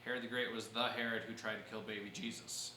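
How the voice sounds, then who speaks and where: A man's voice: lowish voice, flat delivery, fast, echoey room, noisy background. A man teaching a church history class, explaining events patiently and answering questions from his students.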